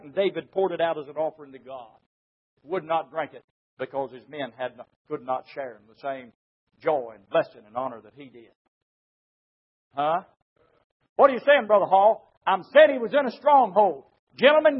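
A man preaching a sermon, telling a story emphatically and swinging from shouts to hushed tones. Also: sits high, slightly rough. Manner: storytelling with repeated "said". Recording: dull lo-fi recording.

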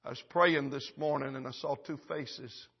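Male preacher mid-sermon in church; swings from loud and urgent to hushed and slow; raspy, lo-fi sound. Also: medium pitch, fairly even intonation. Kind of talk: revival sermon. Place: church service.

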